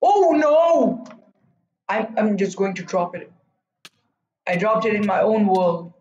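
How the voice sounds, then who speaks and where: A man giving live commentary while streaming a game, urging himself on and breaking into loud whoa and no cries. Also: sits high, fairly even intonation, unhurried, reverberant, dull audio, a little hiss or hum. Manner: talks to himself and urges teammates on. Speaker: gaming streamer.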